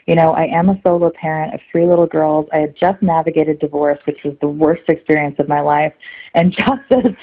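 A woman's voice: lowish voice, husky. A woman in her thirties, an interview guest speaking candidly and earnestly, reflective and leaning on casual fillers. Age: 30s. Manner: earnest, reflective, heavy use of "like". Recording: muffled phone-like line.

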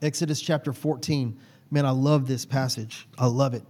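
A man's voice: mid-range voice, fairly even intonation, moderate pace, mellow. A man pastor preaching a sermon in a casual, slangy way.

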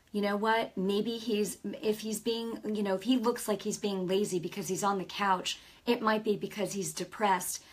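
A woman's voice: medium pitch, fairly bright tone. A woman preaching an off-the-cuff sermon to viewers, earnest and emphatic, sometimes dropping to a whisper. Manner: talks directly to viewers, many "you know" asides. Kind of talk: spontaneous sermon to a camera audience.

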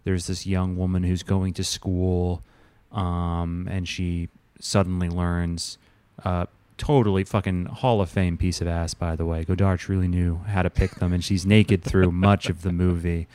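A man with a lowish, smooth voice co-hosts a loose comedic chat. He rambles crudely and slips into quoted voices. The sound is dry and close. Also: level tone, a little slow, few pauses, warm tone, no echo. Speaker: podcast co-host.

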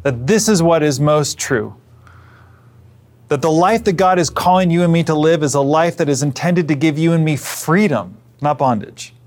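A man's voice: a little high, moderate pace. Earnest conversational pastor, man. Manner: earnest, conversational, with frequent restarts and hushed asides. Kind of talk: sermon.

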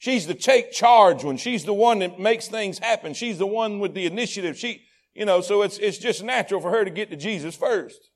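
A man preaching a sermon. He repeats phrases in a rhythmic build and swings between hushed, intimate lines and shouted peaks. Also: high-pitched, moderate pace. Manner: repetitive, rhythmic delivery. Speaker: pastor.

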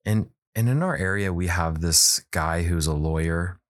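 Deep-voiced man telling an animated story. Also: normal speed, no echo, clean studio sound. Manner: animated, acts out quoted dialogue. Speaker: children's book author. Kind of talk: storytelling in casual conversation.

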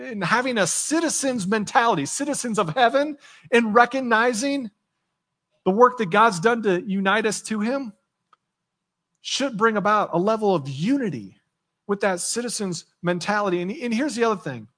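A man's voice: sits high, a bit bright. A man in his thirties preaching a sermon as pastor, earnest and conversational, with frequent restarts. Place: church sanctuary.

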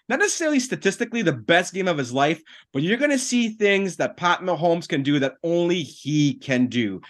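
A man co-hosting a sports podcast, making bold, animated predictions in casual talk. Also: a little high. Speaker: podcast co-host.

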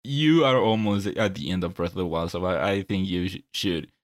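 A man's voice: deep voice, normal speed, no echo, clean studio sound. A young man co-hosting a casual gaming podcast, laid-back and giving short replies. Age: young adult. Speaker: podcast co-host. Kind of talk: casual chat.

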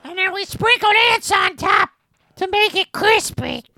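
Lady doing a super squeaky silly cook, sharp bright voice, jumps all over, bouncy. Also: measured pace, vocal fry, no echo, exaggerated voice. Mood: proud. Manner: bouncy, shouty, excitable.

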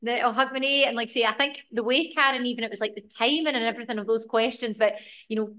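A woman's voice: a little high, fairly even intonation, fast talker, fairly bright tone. A Scottish woman co-hosting a podcast, chatting casually and rambling round in circles as she talks. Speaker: podcast co-host.

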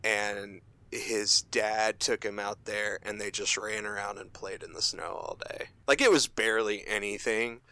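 A man playing a tabletop role-playing game who tells his character's memories in a slow, reflective way. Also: on the low side, steady tone, bright, forceful tone, clear, resonant tone. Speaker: player.

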